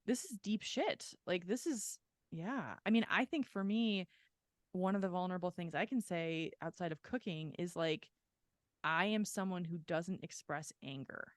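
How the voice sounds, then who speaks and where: A woman's voice: on the low side, normal speed, no room sound, studio quality. A woman co-hosting a podcast in casual chat, talking candidly and at length, full of "like" fillers and frequent swearing. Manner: candid, rambling, heavy "like" filler, swears freely. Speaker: podcast co-host.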